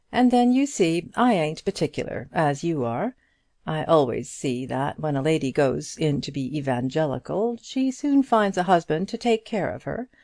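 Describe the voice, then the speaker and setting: A woman's voice: deep voice, darkish tone, no room sound, studio quality, exaggerated voice. A woman voicing a frank, gossipy older single woman with folksy, blunt talk in an audiobook reading. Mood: confiding gossip. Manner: chatty, blunt, homely turns of phrase.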